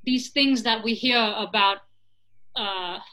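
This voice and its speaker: A young woman with a bright, fairly high voice, chatting in a conversation. She tells a story with real energy and keeps checking in with her listener with "right?" and "you know?". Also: slow pace, rough recording. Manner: animated, asks "right?" and "you know?" often.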